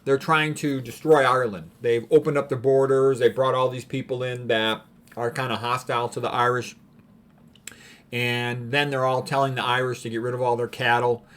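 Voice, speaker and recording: A man giving rambling, opinionated commentary on paintings, clearing his throat often between thoughts. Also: mid-range voice, level tone, normal speed, a bit bright. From United States. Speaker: art commentator.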